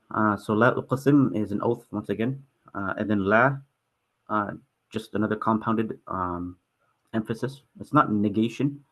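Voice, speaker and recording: Young guy going through quran verses, lowish voice, keeps stumbling and restarting. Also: a bit bright. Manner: halting, stutters and restarts, apologetic. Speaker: Quran class instructor. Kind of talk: online Quran translation lesson.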